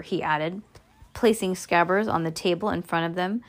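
A woman's voice: fairly low pitch, normal speed. A woman reading a storybook aloud, often stumbling over words and correcting herself.

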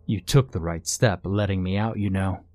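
A man's voice: low-pitched, moderate pace, a little mellow, dry recording, lightly acted. A man voicing a grinning, sinister male doppelganger who calls himself God, speaking in a smug, mocking, commanding way. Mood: scheming.

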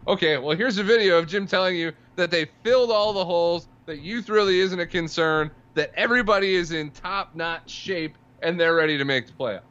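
A man's voice: high voice, a little fast, hardly any pauses, a bit bright, smooth, lo-fi sound. A man co-hosting a casual sports podcast, dry and sarcastic, chuckling through his points. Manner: dry, sarcastic, laughs while talking. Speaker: podcast co-host.

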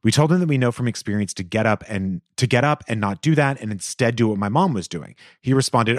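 A man hosting an advice podcast, reading a listener's letter aloud with animated, expressive delivery and the odd aside. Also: fairly low pitch, a little fast, few pauses, dry recording, studio quality.

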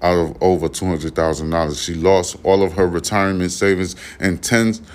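A man's voice: low-pitched, steady tone, moderate pace. A podcast host, reading news stories aloud and breaking off into profane, slangy asides to his listeners. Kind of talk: reading news with casual commentary.

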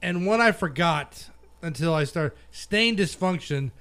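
High-voiced joking man. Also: lively intonation, a little slow, a bit bright. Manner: rambling, joking. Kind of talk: casual chat about music.

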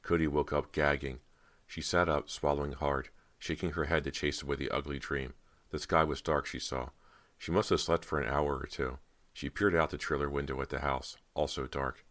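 A man narrating a horror audiobook in a steady storytelling manner. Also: very deep voice, normal speed, no echo.

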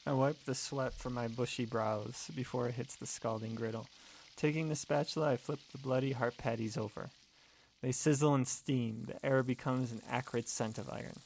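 A man narrating a scripted first-person horror story in a steady, measured way. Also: medium pitch, creaky.

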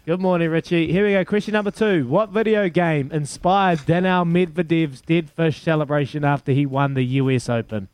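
A man's voice: fairly high pitch, moderate pace, few pauses, a little mellow, clean tone, no room sound. A man with a New Zealand accent hosting a radio call-in quiz, upbeat and bantering as he counts down the answers. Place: radio studio.

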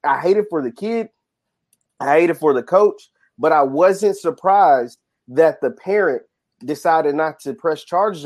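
A man's voice: a little high, darkish tone. A man speaking as a panelist in an online discussion, making his points emphatically and repeating himself.

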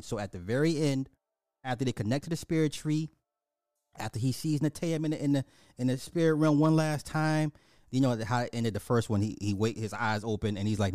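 A man giving an animated, emphatic casual recap of a movie, repeating himself for effect. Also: medium pitch, a little fast, no room sound, studio quality, faint music behind. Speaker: movie reviewer.

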